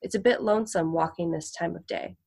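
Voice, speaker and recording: Husky frail road boy, streetwise and fierce, put on by a woman reader. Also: lowish voice, a little fast, a little mellow. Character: frail, husky eighteen-year-old road boy, tough and fatalistic.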